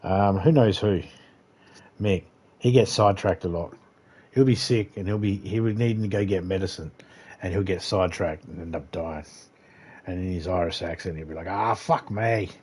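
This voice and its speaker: Low, husky and mellow, the man's voice holds a steady tone at normal speed. He's a gaming livestreamer with an Australian accent, casually commenting on his gameplay, rambling along easily and occasionally swearing.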